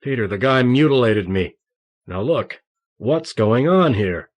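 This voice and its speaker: A man's voice: medium pitch, animated, a little slow, natural voice. Brief: male narrator as a shaky, agitated young man in an audiobook, voice ragged and raised. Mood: bewildered. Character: tortured young male teacher, shaky, bewildered.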